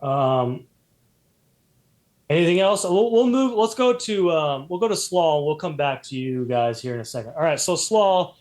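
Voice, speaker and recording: A man's voice: a little high, expressive, moderate pace, darkish tone. A man running a tabletop role-playing game as game master, narrating loosely with many fillers and restarts.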